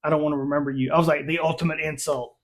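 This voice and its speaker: Animated man chatting about a show. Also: on the high side, very fast. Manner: animated, laughing, retells scenes. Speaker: reviewer, channel host. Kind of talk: casual chat.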